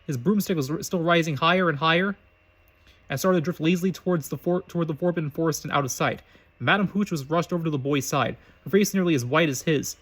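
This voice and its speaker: Male amateur reader, quick, stumbling and self-correcting narration. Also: on the high side, a bit bright, husky. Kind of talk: reading fan fiction aloud.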